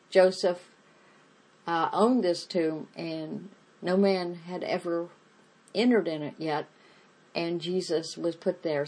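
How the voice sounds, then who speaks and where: A woman teaching a Bible study, reading scripture aloud and then explaining it in plain, unhurried words. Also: lowish voice, a little mellow, poor audio.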